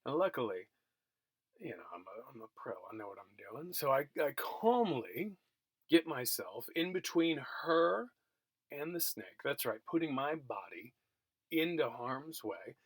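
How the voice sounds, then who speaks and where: A man's voice: mid-range voice, sing-song, unhurried, husky, no room sound. A middle-aged man teaching a college class by recorded video, telling a story in a chatty, self-mocking way with lots of fillers and restarts. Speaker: college geography instructor. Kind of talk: recorded remote lecture, storytelling. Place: at home, recorded for remote teaching.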